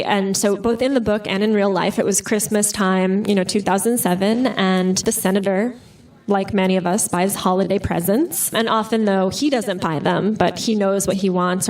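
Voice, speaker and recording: A woman author telling stories in a live interview at a bookstore, animated and full of "like" and "you know". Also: mid-range voice. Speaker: author guest. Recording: distant mic at live event.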